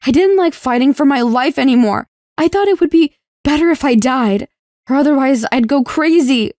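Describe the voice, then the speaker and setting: A young woman narrating a first-person animated story in a scripted, emotive storytelling delivery. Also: high voice, normal speed, dry recording, clean studio sound.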